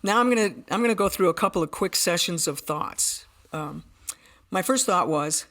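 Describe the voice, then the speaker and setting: Woman podcast guest, mid-pitched, earnest and vivid in her storytelling, with frequent self-corrections. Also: lively intonation, normal speed, a bit bright. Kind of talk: telling a personal story in conversation.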